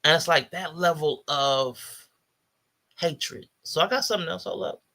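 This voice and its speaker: Gravelly-voiced man giving blunt commentary. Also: on the high side, normal speed, bright, forceful tone. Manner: blunt, disdainful, repetitive emphasis. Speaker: podcast host. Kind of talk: casual commentary on clips.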